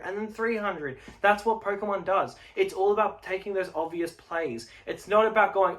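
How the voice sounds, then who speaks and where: Talking market topics straight to camera on his own channel, a young man speaks bluntly, emphatically, and casually with the odd swear. His voice sits high and is a bit bright, at a moderate pace with few pauses.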